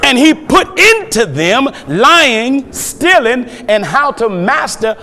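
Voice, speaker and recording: A man preaching a fiery sermon, shouting his points with chuckling asides between them. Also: very high voice, very animated, slow pace. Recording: long hall reverb.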